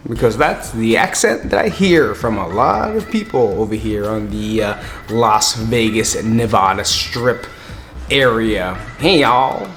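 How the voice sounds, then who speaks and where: A man from the US East Coast hosting a podcast, talking in an energetic, hyped, chatty way in a casual monologue. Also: fairly low pitch, measured pace, soft background music. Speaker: podcast host.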